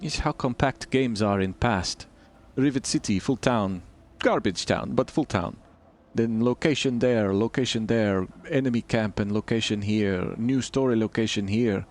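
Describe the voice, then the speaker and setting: A man's voice: fairly low pitch, measured pace, hardly any pauses, lightly acted. A man playing a nameless stranger with a put-on generic Eastern European accent and broken English, chatting while he games. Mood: blunt. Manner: broken English, dropped articles, blunt opinions. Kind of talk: joking accent bit while gaming.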